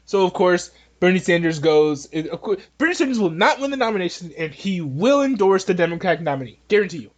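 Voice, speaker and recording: Man, podcast host, high pitched voice, rambling, joking, casual opinion talk. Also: sing-song, fast, few pauses. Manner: rambling, joking, many restarts.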